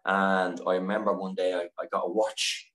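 A man with a deep, low voice tells a candid personal story as a podcast guest. He is earnest and emotional, swears freely and trips over his own sentences. The sound is roomy and echoey. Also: flat delivery, moderate pace, a bit bright, slight background noise. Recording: echoey room.

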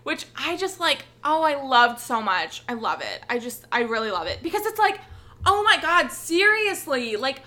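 A woman co-hosting a podcast, chatting casually and excitedly, rambling and swearing a lot. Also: high-pitched, moderate pace. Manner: animated, heavy swearing, rambling recap. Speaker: podcast co-host.

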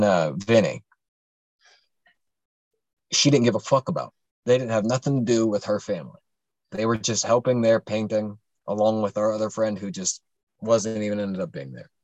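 A man's voice: lowish voice, darkish tone, no room sound. Rambling, profane young man telling a story. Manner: rambling, profane, many fillers. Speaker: podcast host. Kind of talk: casual storytelling.

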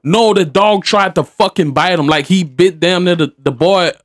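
A man's voice: sits high, moderate pace, no room sound, clean studio sound. A middle-aged man, a stepfather, telling a family story in casual, slangy talk full of profanity, acting out what each person said. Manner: animated, profane, slangy, acts out what people said.

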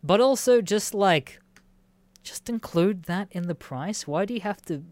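A man's voice: high-pitched, expressive, unhurried, a little mellow, dry recording. A young Australian man hosting a casual solo podcast, reading news aloud and reacting with swearing and frequent laughter. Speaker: podcast host.

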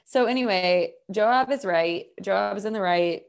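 A woman's voice: mid-range voice, a little slow, gravelly, smooth. A young adult woman co-hosting a podcast, retelling Bible stories in casual chat, swearing and saying "like" a lot. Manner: chatty, swears, lots of "like". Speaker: podcast co-host.

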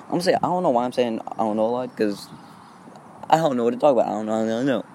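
A man's voice: mid-range voice, lively intonation, racing, warm tone, slight background noise. Rambling, hesitant teenage boy podcaster. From Texas. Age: teens. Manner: hesitant, repeats fillers often. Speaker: solo podcaster. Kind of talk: rambling casual monologue. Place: outdoors in wind.

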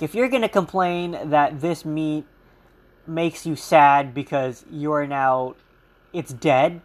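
Young male podcast host, slightly high voice, profane rambling solo monologue with mocking voices.

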